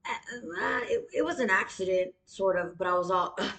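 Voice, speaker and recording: A woman's voice: medium pitch, normal speed, gravelly, fairly bright tone, echoey room. A woman telling a rambling, profane story in a casual way, with many fillers.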